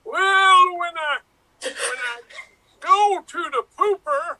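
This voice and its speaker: Man putting on a very high squeaky patient voice, quavering, slow and tearful, dry sound. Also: pushed and bright, exaggerated voice, poor audio. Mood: whimpering. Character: squeaky, whimpering male patient with odd complaints. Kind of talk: improv comedy scene.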